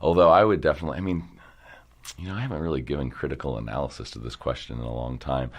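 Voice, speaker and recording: A young man from the Baltimore area, an entrepreneur guest in a casual interview, rambling and animated, swearing now and then. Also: very deep voice, very fast. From Baltimore area, Maryland.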